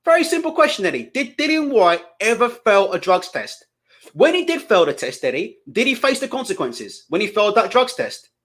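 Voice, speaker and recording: A man's voice: high voice, wildly swooping pitch, a little fast, fairly bright tone. A man hosting live boxing commentary, ranting indignantly and profanely, hammering the same questions again and again.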